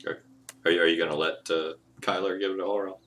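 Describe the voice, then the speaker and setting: A man's voice: low-pitched, fairly even intonation, fast, fairly bright tone. A man running a tabletop game as game master, often laughing and amused.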